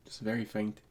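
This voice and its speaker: Slow-talking game master man with a sick voice. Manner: unhurried, laughs often. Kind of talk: narrating a tabletop game.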